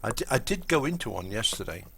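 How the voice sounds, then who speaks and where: A man's voice: on the low side, big pitch swings, quick pace, gravelly, fairly bright tone, slight background noise. A man from England with an English accent, rambling casually to his chat while streaming a life-sim game. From Lincolnshire, England. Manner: rambling, chatty, talks to viewers in chat. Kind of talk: casual live-stream commentary.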